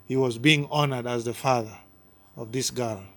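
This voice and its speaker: A man's voice: mid-range voice, fairly even intonation, normal speed, vocal fry. A man from Uganda, a pastor giving his personal testimony in an interview, speaking earnestly and often repeating or restarting his words.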